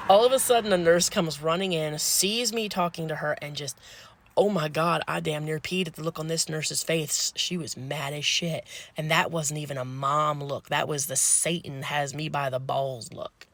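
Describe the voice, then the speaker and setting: A woman telling a funny story in an animated, crude, playful way. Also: sits low, normal speed. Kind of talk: casual comedic storytelling.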